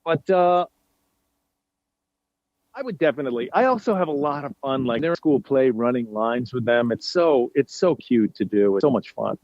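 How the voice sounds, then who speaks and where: A man's voice: mid-range voice, lively intonation, normal speed, no room sound. Middle-aged man, from New York, chatty podcast guest, self-deprecating, dry lo-fi remote audio. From United States, New York. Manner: chatty and self-deprecating, many fillers and restarts. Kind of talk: casual interview chat. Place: at home.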